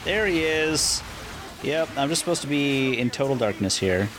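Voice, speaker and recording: A man co-hosting a podcast, chatting casually while playing a game, animated and quick to laugh. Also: mid-range voice. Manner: animated, laughs often, thinks aloud. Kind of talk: casual gameplay chat.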